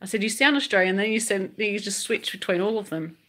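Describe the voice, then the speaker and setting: A woman's voice: mid-range voice, fast, fairly bright tone. A woman from England chatting casually on her crochet livestream, telling stories and reading out viewer comments. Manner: chatty, storytelling with mimicked quotes.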